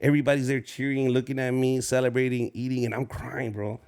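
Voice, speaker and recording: Gravelly man telling profane stories. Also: mid-range voice, little pitch movement, quick pace, a little mellow. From Southern California, US. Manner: loose, profane storytelling, acts out voices. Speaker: stand-up comedian, guest. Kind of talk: casual storytelling interview.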